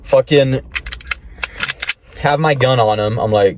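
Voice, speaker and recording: A man's voice: medium pitch, unhurried, pauses often, background noise. A young man rambling in a casual vlog, swearing often and telling stories animatedly. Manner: profane, rambling, animated storytelling. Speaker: vlogger.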